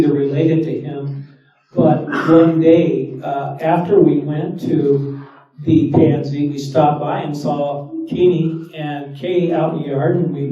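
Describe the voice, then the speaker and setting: A man on a panel explaining local history in a steady, matter-of-fact way. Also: a little high. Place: town hall. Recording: echoey hall, distant and lo-fi.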